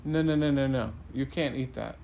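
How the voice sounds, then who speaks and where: A man's voice: medium pitch, normal speed, vocal fry, a little mellow, a little hiss or hum, close to an everyday voice. A father voicing a brave, matter-of-fact girl on a quest in a bedtime story, close to his own voice. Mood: calm.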